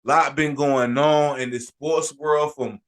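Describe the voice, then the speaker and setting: A man hosting a casual sports podcast, telling an animated, ranting story with frequent restarts and shouted emphasis. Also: a little high, slow pace. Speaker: podcast host.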